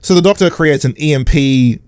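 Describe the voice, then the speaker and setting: A man's voice: fairly high pitch, fairly quick, a little mellow, clear, resonant tone, dry recording. A man, co-hosting a podcast and recapping an episode in casual, sarcastic chat with mocking quoted voices. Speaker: podcast co-host.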